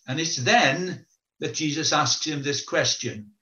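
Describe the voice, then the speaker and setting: A man delivers a sermon in a church. His voice is bright and a little high, and it carries into an echoey hall. He tells stories, acts out the lines of the people in them, and comes back again and again to the same question. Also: a little slow. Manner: storytelling, acts out quoted voices, repeats questions. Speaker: preacher. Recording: echoey room, dull lo-fi sound.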